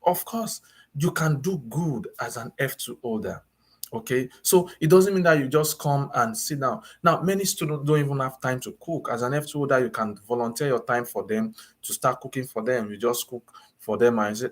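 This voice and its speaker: A man giving casual advice in a relaxed talk, often repeating and rephrasing himself and acting out small everyday exchanges. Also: mid-range voice, moderate pace. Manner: conversational, repeats and rephrases, acts out little dialogues. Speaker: advice vlogger on student visas.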